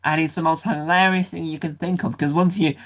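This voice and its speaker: A man's voice: a little high, steady tone, brisk, fairly bright tone. Guy hosting a chat, rambly, keeps restarting, laughs at himself. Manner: rambling, self-deprecating, many restarts. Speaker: podcast host interviewer. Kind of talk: casual interview chat.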